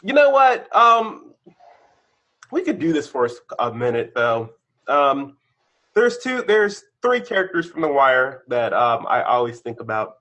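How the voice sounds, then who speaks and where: A man, a guest on a podcast, telling candid stories about his career, his voice shooting up when excited and dropping low when reflective. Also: unhurried. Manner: animated storyteller, bursts of excitement, then drops low. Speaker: podcast guest, senior engineer. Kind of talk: candid conversational interview.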